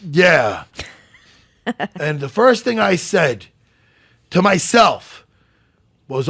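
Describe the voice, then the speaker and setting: Joking man, gravelly, swoops up and down, curses a lot, dry studio sound. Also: sits high, measured pace, pauses often, no echo. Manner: animated, joking, profane. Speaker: co-host and fight analyst. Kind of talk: casual chat.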